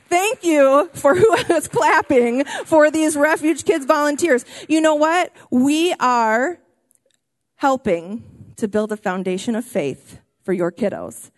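A woman pastor preaching a sermon in a church, animated and excitable, often raising her voice. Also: mid-range voice, no room sound, studio quality. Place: church auditorium.

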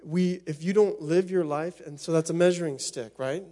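A man's voice: on the high side, moderate pace, dark tone. A middle-aged man preaching a sermon as pastor, impassioned, often repeating and restarting his phrases.

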